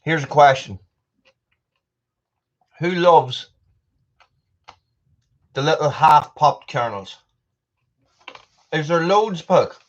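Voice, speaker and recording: Here a British man running a laid-back live stream talks in a higher voice, drawing out his words and pausing often. He's chatty, reads viewer names aloud and eats popcorn mid-sentence, all captured in dull, lo-fi sound.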